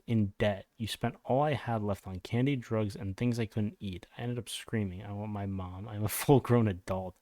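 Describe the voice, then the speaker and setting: Male commentary YouTuber, lowish voice, dry close sound, reads text aloud and cuts in with blunt swearing asides. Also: dark tone, no room sound. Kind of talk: reading a written statement aloud with reactions.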